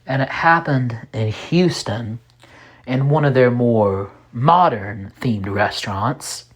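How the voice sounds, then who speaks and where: Male narrator for a horror series, unhurried and a little raspy, deliberate and ominous. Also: medium pitch. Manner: slow, deliberate, ominous storytelling. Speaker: storyteller. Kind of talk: scripted horror story narration.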